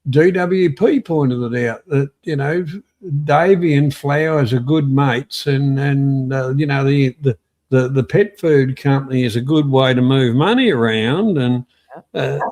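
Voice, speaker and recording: A man's voice: mid-range voice, a little mellow. An English man hosting a casual live stream, talking with hesitant restarts and greeting viewers in the chat. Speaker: stream host.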